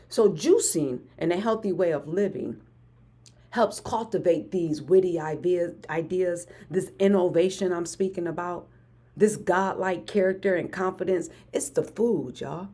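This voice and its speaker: A woman in her forties hosting a hyped motivational live stream, energetic and repeating phrases for emphasis. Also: fairly low pitch, husky. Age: 40s. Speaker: motivational livestream host.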